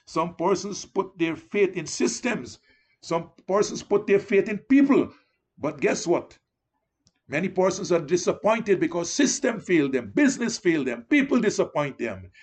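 Male preacher, high and animated, slightly husky, exhorting his flock. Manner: exhorting, repeatedly addressing listeners as beloved. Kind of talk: sermon.

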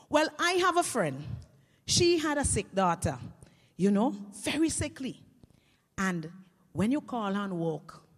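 A woman telling comic stories in lively creole, dropping to a hush and rising to loud punchlines. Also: mid-range voice. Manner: lively creole storytelling, swings from hushed to loud. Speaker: storyteller. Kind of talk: comic storytelling. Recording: echoey hall reverb.

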